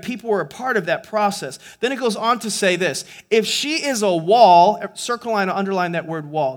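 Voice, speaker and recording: A man with a high-pitched voice preaching a sermon as a pastor. He talks to the congregation conversationally, often restarting and repeating words, and works up to emphatic points. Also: fairly bright tone.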